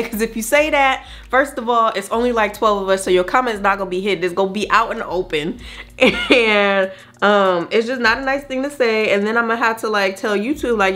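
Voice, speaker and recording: A woman's voice: medium pitch, a little fast, fairly bright tone, soft background music. A woman vlogger chatting casually with her viewers while doing her makeup at home, talking in a rambling, direct way. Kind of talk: casual get-ready-with-me chat.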